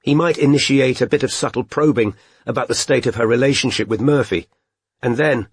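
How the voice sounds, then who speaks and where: A man with a medium-pitched voice and a breathy edge narrates an audiobook from a script. His storytelling is measured and even, and the recording is dry.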